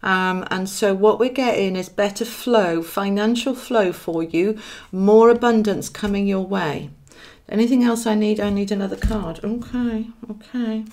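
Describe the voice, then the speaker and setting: A woman's voice: medium pitch, fairly even intonation, unhurried, darkish tone. Affectionate Welsh woman reading tarot. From Wales. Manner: affectionate, calls viewers darling and my lovely; chatty, thinks aloud while drawing cards. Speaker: tarot card reader. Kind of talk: live-streamed tarot reading.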